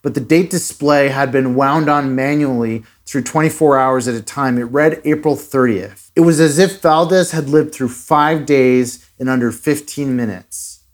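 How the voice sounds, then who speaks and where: A man's voice: medium pitch, normal speed, few pauses. Guy on a podcast telling a spooky story, casual, kinda dramatic. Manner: conversational, dramatic retelling with fillers. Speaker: podcast host.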